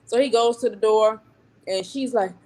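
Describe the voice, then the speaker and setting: A woman telling a story about a bad date, lively and casual. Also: on the high side, normal speed. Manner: animated storytelling with acted quotes. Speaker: panel guest.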